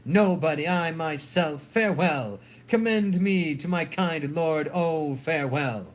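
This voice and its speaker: A gentle, forgiving young wife, read by a man who pleads in a soft voice pitched high. She speaks slowly, each line drawn out. A dramatic play reading. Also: close to an everyday voice. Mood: dying.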